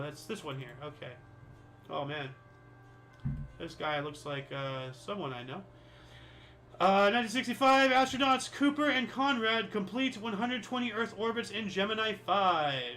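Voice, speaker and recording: A man's voice: high voice, sharp tone, low-quality recording. A man hosting a history show, reading through dates with sarcastic asides and correcting himself, his voice a little dry and cracking. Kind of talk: casual commentary reading dates.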